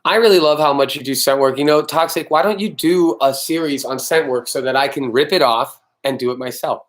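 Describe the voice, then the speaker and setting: A man's voice: on the high side, brisk. A man hosting a casual live-stream Q&A as a dog trainer, talking bluntly, swearing freely and answering viewers by name.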